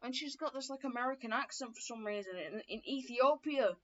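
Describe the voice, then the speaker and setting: Young woman, casual profane storytelling, rambling with fillers, slightly high voice, dull lo-fi recording. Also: brisk, a bit bright. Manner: profane, rambling, many fillers and self-corrections. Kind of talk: casual rambling lore telling.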